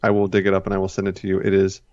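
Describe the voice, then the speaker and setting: A man's voice: low voice, monotone, rapid-fire, darkish tone, dry recording. A man co-hosting a casual chat, rambling and correcting himself as he retells scenes. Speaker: podcast co-host. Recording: dull, lo-fi dry recording.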